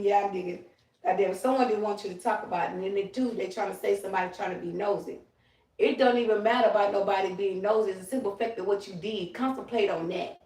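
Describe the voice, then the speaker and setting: A woman's voice: mid-range voice, recorded from a distance. A woman ranting on a livestream, profane, emphatic and confrontational. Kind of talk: livestream rant. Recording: roomy, away from the mic.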